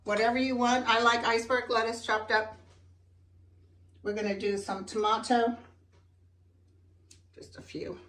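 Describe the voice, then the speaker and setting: A woman's voice: on the high side, little pitch movement, unhurried, long pauses, a bit bright. A woman hosting a casual home cooking demo, chatting straight to her viewers and eating as she talks. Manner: eats and talks with mouth full. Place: home kitchen. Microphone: camera mic set far off. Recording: echoey kitchen, distant camera mic. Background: faint clatter of dishes and pans.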